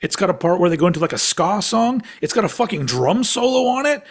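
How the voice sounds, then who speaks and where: A man in his forties co-hosting a casual podcast, chatting excitably and swearing freely. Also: sits high, quick pace. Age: 40s. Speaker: podcast co-host. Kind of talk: casual chat ranking albums.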